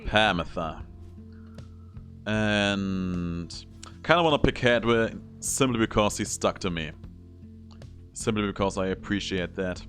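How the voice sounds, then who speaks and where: A man's voice: fairly low pitch, takes it slowly, long pauses, a bit bright, faint music behind. A man hosting a gameplay video, commenting casually and thinking aloud as he picks his moves.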